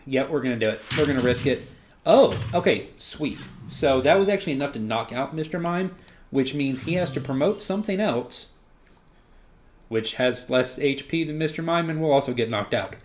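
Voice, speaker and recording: Male gameplay commentator, mid-range voice, relaxed and chatty, thinks out loud. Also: mid-range voice, normal speed, slight background noise. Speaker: card game player commenting on his own match.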